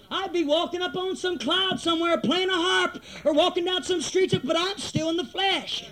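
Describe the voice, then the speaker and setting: Brief: male revival preacher, very high pitched, impassioned and repetitive delivery. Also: normal speed, few pauses, fairly bright tone. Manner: impassioned, repetitive, calls out to the congregation. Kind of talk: fervent revival sermon. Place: church during a service.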